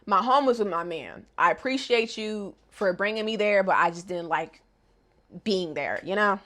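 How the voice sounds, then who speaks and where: Woman doing shy young anime heroine, quiet, devoted, confessing. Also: mid-range voice, normal speed, natural voice. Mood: earnest.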